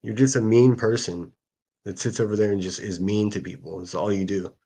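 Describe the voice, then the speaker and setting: A man's voice: on the low side, fairly even intonation, fairly quick, warm tone, husky. A man hosting a solo livestream, reading out hostile comments and answering them in a sarcastic, profane rant. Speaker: livestream host.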